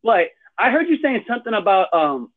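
A man's voice: sits high, big pitch swings, brisk. A middle-aged man from Canada hosting a podcast, chatting casually in slang and laughing often. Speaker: podcast host. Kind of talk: casual chat. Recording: tinny phone-line sound.

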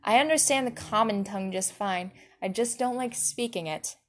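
A woman voicing a gruff, blunt young dragon king who scowls and swears. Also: on the high side, moderate pace, a little hiss or hum, close to an everyday voice.

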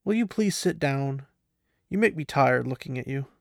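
Guy reading an impatient young lord, low-key, gravelly voice. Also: lively intonation, normal speed, dry recording, clean studio sound. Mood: exasperated. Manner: exasperated.

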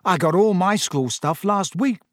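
A man's voice: high-pitched, measured pace, no room sound, clean studio sound, pitched above the performer's own voice. A man reading an audiobook, voicing a teenage boy wizard who speaks plainly and a little defiantly. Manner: defiant, straightforward. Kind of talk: audiobook character voice.

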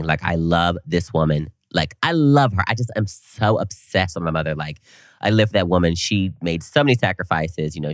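A man co-hosting a podcast, telling a story in a casual, animated way with playful slang. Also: low voice, no echo, studio quality. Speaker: podcast co-host. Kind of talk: casual chat.

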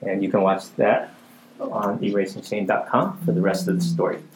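A man hosting a podcast, giving a measured talk sprinkled with "uh" fillers. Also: on the low side, fairly even intonation, roomy sound, a little hiss or hum, poor audio. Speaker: podcast co-founder and host. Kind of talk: talk presentation.

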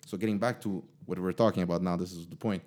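A man co-hosting a podcast, telling a story in loose, animated casual chat full of fillers. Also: sits low, quick pace. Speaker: podcast co-host.

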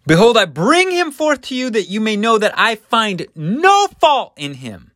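A man voicing an exasperated Roman governor who pleads with a crowd in a strained, high voice. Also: big pitch swings, unhurried, sharp tone, no room sound, clean studio sound, full character voice. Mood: exasperated pleading.

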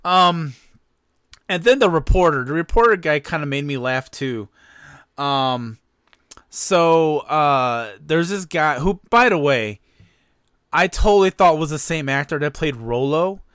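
With lively intonation and a measured pace, a male podcast co-host speaks in a higher, fairly bright, clean-toned voice. He chats loosely, rambling with lots of fillers and laughs, and the studio recording is clean with no room sound.

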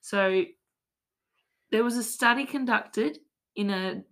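A woman's voice: a little high, slow, gravelly, fairly bright tone. An Australian woman hosting a casual podcast, telling a tall tale in a mock-serious, playful way. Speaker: podcast host.

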